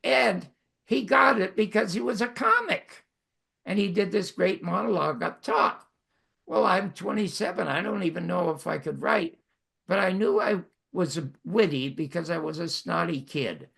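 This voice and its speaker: An elderly man in his nineties from Canada tells long stories about his own life in a wry, self-mocking way. His voice is gravelly and husky, set a little higher than most men's. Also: moderate pace, fairly bright tone. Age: 90s. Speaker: host. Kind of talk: storytelling monologue.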